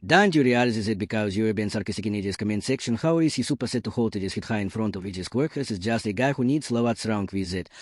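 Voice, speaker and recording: A harsh, scolding wife, drunk and scornful toward her husband, read by a man who barely changes his voice. The voice sits fairly low. The sound is dry and close, with no room around it. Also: animated, fast, few pauses, no room sound.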